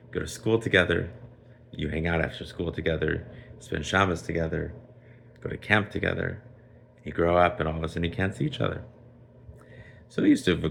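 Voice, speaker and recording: A rabbi spins a children's tale in a lively, chatty way, sprinkling in Yiddish and Hebrew words. His voice is extremely deep with a gravelly rasp, over a faint hiss. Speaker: rabbi storyteller. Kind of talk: animated storytelling for children.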